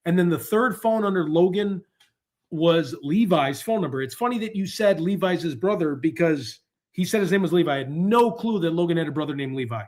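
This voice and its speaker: Man, live stream host, rambling chat to viewers, slightly high voice. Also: animated, a little fast, darkish tone. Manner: rambling, talks to chat while searching online. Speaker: livestream host. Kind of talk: casual livestream chat.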